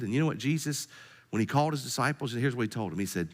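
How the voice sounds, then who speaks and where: A male pastor preaching a sermon in an animated, humorous way and putting direct questions to the congregation. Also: medium pitch, fast talker.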